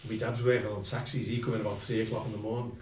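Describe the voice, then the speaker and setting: A man's voice: fairly low pitch, flat delivery, very fast, a little hiss or hum. An older man telling rambling, self-mocking stories from his youth as a guest musician. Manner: rambling anecdotal, self-mocking, with colloquial slang. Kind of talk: storytelling. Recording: roomy sound, distant mic.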